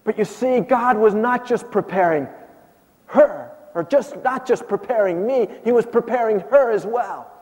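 A man performing a first-person monologue as an aged male prophet, shifting between hushed and impassioned delivery. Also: high voice, measured pace, voice pushed up. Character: aged male prophet recounting his miracles. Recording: long hall reverb.

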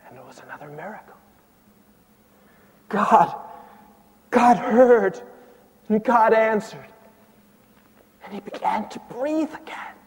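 A man as an aged prophet, slow and deliberate, hushed to fervent, recorded in a reverberant hall. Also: high voice, voice pushed up. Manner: swings from hushed to impassioned. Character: aged male prophet recounting his miracles. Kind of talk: first-person dramatic monologue.

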